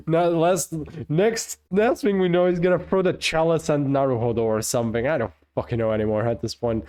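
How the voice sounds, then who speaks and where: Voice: mid-range voice, brisk, a little mellow. A swearing, laughing game streamer. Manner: swears a lot, laughs through talk. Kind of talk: live game playthrough commentary.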